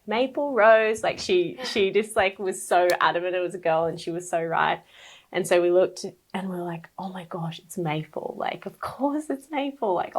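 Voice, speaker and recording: A woman's voice: deep voice, vocal fry. A woman speaking as a podcast guest, sharing a personal story in a casual, chatty way, full of fillers and open emotion.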